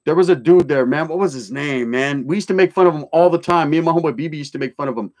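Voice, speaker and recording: A middle-aged Californian hosts a casual livestream, reading the chat and telling stories in streetwise slang with plenty of swearing. His voice is on the high side and a little mellow, and he talks at a rapid-fire clip.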